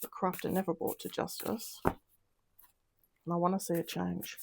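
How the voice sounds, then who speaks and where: Gravelly-voiced woman reading tarot. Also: on the low side, flat delivery, normal speed, background noise. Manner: emotional, upset, sighing and trailing off. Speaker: tarot reader. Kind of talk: casual tarot reading video.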